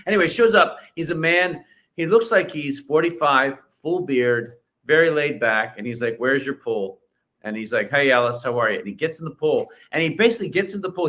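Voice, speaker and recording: A man's voice: medium pitch, bright, forceful tone. A man guest on a podcast, telling a family story in an earnest way and acting out quoted lines. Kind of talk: casual chat.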